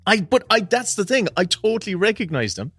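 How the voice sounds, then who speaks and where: A man's voice: high voice, very animated, brisk, fairly bright tone, breathy edge, no echo, faint music behind. An Irish man co-hosting a podcast, telling a story animatedly with frequent laughter and swearing. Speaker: podcast co-host. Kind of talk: casual storytelling chat.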